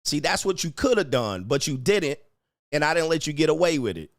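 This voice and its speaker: A brash man on a livestream, taunting his commenters with profane insults and laughing at them. His voice sits a little high for a man. The sound is dry and close, with no room echo. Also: big pitch swings, a little fast. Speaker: livestream host reading chat.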